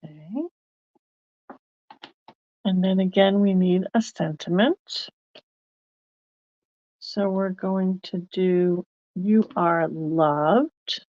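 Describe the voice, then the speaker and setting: A woman's voice: mid-range voice, fairly even intonation, drawn-out words, pauses often, mellow, dry recording, highs cut off. A woman hosting a card-making video, chatting casually and thinking aloud as she works. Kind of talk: casual crafting demonstration.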